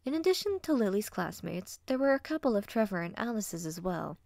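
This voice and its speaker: A woman reading fanfiction aloud as a storybook narrator, steady and expressive. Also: mid-range voice, a little fast, gravelly, no room sound, studio quality. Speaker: fanfiction reader.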